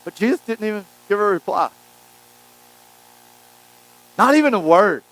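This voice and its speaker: A man preaching a sermon, telling a Bible story with lively acted-out quotes. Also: high-pitched, a little slow, no room sound, low-quality recording. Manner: animated storytelling, acting out quotes. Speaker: pastor.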